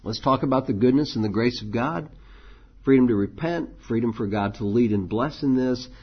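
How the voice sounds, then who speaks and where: A man's voice: mid-range voice, normal speed, breathy edge, muffled recording. A man who is a pastor, teaching a church leadership class in a conversational way, with frequent ums and restarts.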